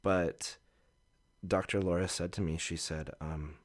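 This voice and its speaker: A man's voice: deep voice, fairly even intonation, a little slow. A man as a podcast guest, telling a personal story in an earnest, reflective way.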